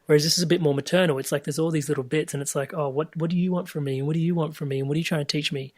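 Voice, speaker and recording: A man with a slightly high voice, speaking as a guest over a video call. He muses in a searching way, restarts his phrases and lets them trail off softly. The sound is dry and close. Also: steady tone, rapid-fire, no echo. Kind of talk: reflective conversational storytelling.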